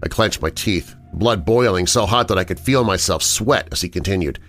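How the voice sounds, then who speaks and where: A man narrating a first-person horror story in an expressive storytelling manner. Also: deep voice, moderate pace, hardly any pauses, soft background music.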